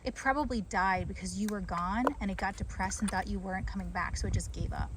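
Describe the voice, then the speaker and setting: A woman's voice: medium pitch, steady tone, fast, background noise. A woman in casual chat, indignant and sarcastic about rude comments.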